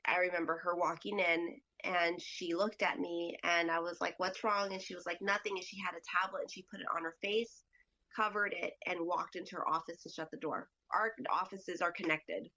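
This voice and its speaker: A woman's voice: fairly low pitch, steady tone, moderate pace, bright, forceful tone, lo-fi sound. A woman speaking as a podcast guest in casual storytelling, chatty and full of fillers, acting out other people's lines as she goes. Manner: chatty, acts out quoted dialogue with lots of fillers.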